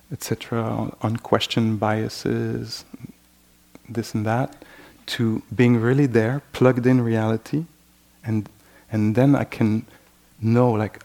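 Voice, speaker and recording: A man leads a dharma talk in an unhurried, reflective way. His voice sits at a middle pitch with a gravelly fry, and he keeps checking in with "you know" while voicing the mind's passing thoughts. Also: fairly even intonation, a little mellow. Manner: acts out inner voices in quoted asides. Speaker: meditation teacher.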